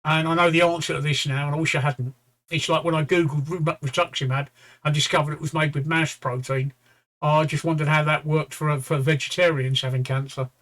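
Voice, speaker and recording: Tired, rambling man, fairly high-pitched. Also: steady tone, a bit bright. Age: 50s-60s. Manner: rambling, halting, with frequent restarts and swearing. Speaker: livestream co-host. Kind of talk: casual chat.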